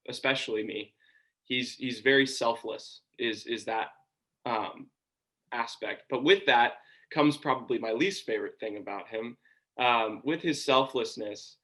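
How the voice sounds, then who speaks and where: A young man from Georgia who works as a college sports broadcaster answers questions thoughtfully in a casual interview, saying "um" a lot. His mid-range voice is bright and forceful, but the audio quality is poor.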